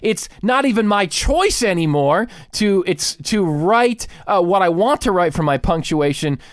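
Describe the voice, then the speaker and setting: Animated ranting podcast man. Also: sits high, a little slow, no room sound, clean studio sound. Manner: exaggerated, animated ranting with mock panic. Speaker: podcast host. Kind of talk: comic rant.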